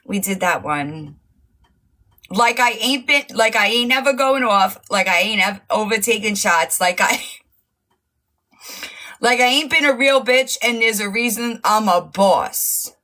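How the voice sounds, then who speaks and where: A woman hosts a casual livestream, mocking and profane, laughing often and losing her voice. She speaks at a measured pace in a fairly high, bright, forceful voice with lively intonation.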